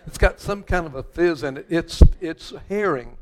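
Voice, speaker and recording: An older man preaching from the pulpit, his voice sitting a little high for a man. He rambles through homespun stories, stumbling and restarting, repeating words as he goes. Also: expressive, normal speed. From West Texas. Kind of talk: sermon.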